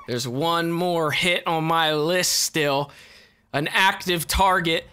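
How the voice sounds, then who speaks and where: A young man doing profane, excitable let's-play commentary as a gaming YouTuber, swinging between low growled taunts and shrieks. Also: slow pace, slight background noise.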